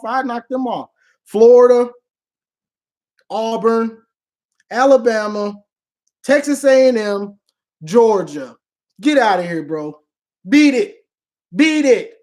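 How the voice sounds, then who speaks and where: A man answering fan questions in casual, slangy talk, trash-talking and laughing often. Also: high-pitched. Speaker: online sports commentator. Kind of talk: casual live Q&A.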